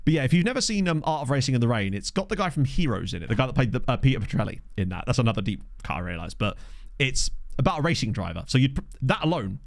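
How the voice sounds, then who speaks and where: Brief: young male streamer from England, animated pitch, dry close desk mic, chatty live commentary over gameplay. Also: fast talker, creaky, no echo. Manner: chatty, answers chat, lively pitch swings. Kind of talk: casual chat while playing. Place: home streaming setup. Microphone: desk microphone.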